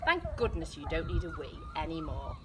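A woman reading aloud and voicing a helpful toy robot, brisk and urgent. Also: deep voice, huge pitch swings, background noise, pitched below the performer's own voice.

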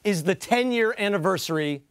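High-voiced man doing a wry monologue. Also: lively intonation, moderate pace, fairly bright tone, clean tone, dry recording, studio quality. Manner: wry, joking, quotes others with mock emphasis. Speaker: host. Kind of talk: comedic news monologue.

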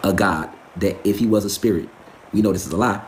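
A man delivers a profane, preachy live stream lecture, an impassioned rant full of rapid rhetorical questions. His voice is fairly low and a little fast, with a little hiss or hum.

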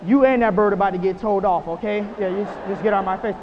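A man giving a motivational keynote to students, telling stories with rhetorical "right?" tags and swinging from quiet lines to loud ones. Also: high-pitched, fairly even intonation, fast talker. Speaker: motivational speaker. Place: large school auditorium. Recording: hall reverb, dull lo-fi sound, faint hiss.

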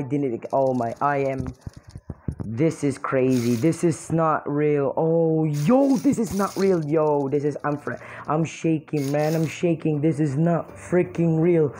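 A young woman narrates her gameplay in an excitable, exclaiming way, laughing often. Her voice sits low and sounds warm and mellow. She talks at an unhurried pace, and a faint hiss of noise stays under her voice. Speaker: mobile game player.

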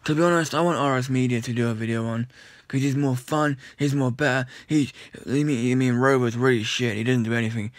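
A man's voice: medium pitch, steady tone, a little fast, few pauses, dry recording, clean studio sound. A young man from the UK ranting in a vlog, annoyed and rambling, with many restarts and blunt complaints. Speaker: vlogger.

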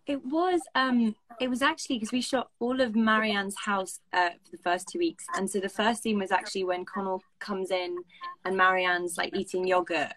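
Quick, laughing young woman. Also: medium pitch, steady tone, poor audio. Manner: bright and quick, laughing often. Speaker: actress guest. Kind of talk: casual chat among actors.

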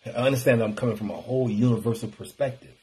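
Husky dude preaching to his viewers, loose and repetitive, mid voice. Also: medium pitch, very fast. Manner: preachy, animated, colloquial and repetitive. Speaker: wellness talk host. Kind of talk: casual motivational live stream.

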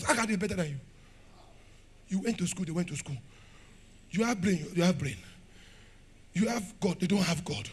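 A middle-aged Nigerian pastor preaching a fiery sermon in a church, shouting, laughing and firing questions at the congregation. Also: male voice, sits high, expressive, moderate pace, long pauses, husky.

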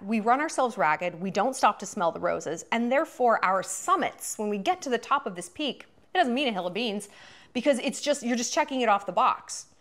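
A woman's voice: a little high, fairly bright tone. A woman host in her thirties giving a chatty, profane commentary monologue full of fillers.

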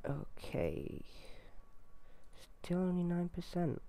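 A man giving casual running commentary as he plays a video game, talking to himself with sudden excited yelps. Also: high-pitched, takes it slowly, gravelly. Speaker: gameplay video host.

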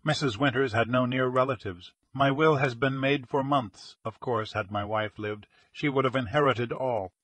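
A man voicing a hysterical, slow-witted wealthy middle-aged man who cries out in alarm in a detective audiobook. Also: medium pitch, dry recording, close to an everyday voice. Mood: pleading. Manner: excitable, crying out in alarm.

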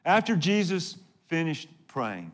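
A man's voice: on the high side, very animated, slow pace. A male pastor preaching a sermon, earnest and dramatic, often asking the congregation questions.

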